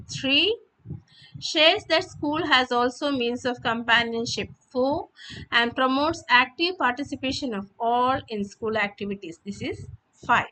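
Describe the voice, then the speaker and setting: Woman teacher, high bright voice, patient and explanatory. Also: poor audio. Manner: patient, repeats and rephrases, asks and answers her own questions. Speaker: English teacher. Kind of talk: explaining textbook exercises to students.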